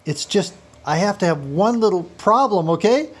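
A man playing a mischievous, rocket-obsessed billionaire tycoon in a comedy sketch, using a put-on South African accent and breaking into giddy, high-pitched squeals. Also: lively intonation, moderate pace, breathy edge. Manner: scheming and giddy, bursting into high squealing laughs.

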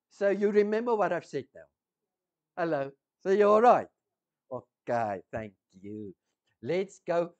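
A man preaching a sermon, teaching slowly, repeating key words and asking the congregation questions. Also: sits high, darkish tone, highs cut off.

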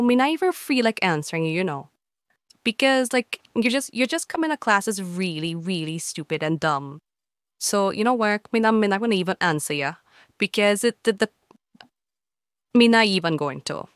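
A woman's voice: mid-range voice, clean tone, no room sound, clean studio sound. A woman, hosting her channel and bluntly scolding viewers as she answers their comments. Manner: blunt, scolding, talks straight to the listener.

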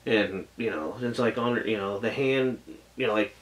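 A man's voice: fairly low pitch, normal speed. A man giving a casual video review of an anime, gushing and rambling with lots of "like" and "oh my gosh", and getting choked up at times.

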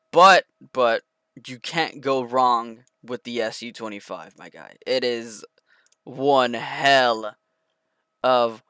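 A young man streaming a flight combat game, talking to his viewers in an excitable, rambling way. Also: mid-range voice, no echo, clean studio sound. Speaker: gaming streamer. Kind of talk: live gameplay commentary.

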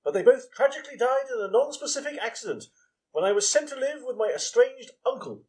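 A man playing a deadpan, stuffy police assistant. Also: very high-pitched, fast talker. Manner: dry, deadpan, stuffy "sir". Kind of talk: live comedy sketch reading.

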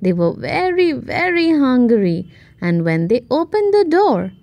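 A woman reading a picture book aloud for children, expressive and speaking to the listeners. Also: high voice, a little slow. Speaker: children's storyteller. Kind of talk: read-aloud storytime narration.

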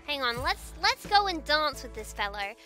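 A woman streamer giving excitable, giggly commentary over her own gameplay, mocking herself and calling out to her teammates. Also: sits high, moderate pace. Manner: self-mocking, frequent laughter. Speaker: video game streamer. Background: game music.

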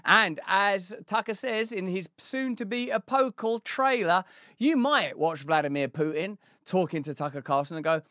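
Grandiloquent man hosting, voice sitting high. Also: expressive, normal speed, bright, forceful tone, no echo, clean studio sound. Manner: grandiloquent, mocking, acts out imagined voices. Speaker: show host. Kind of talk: commentary monologue.

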